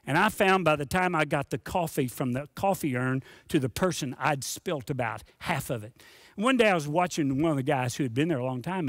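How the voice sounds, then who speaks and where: Pastor with a dry, close sound. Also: male voice, a little high, dry recording. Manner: earnest, repeats words when stressing a point. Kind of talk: sermon.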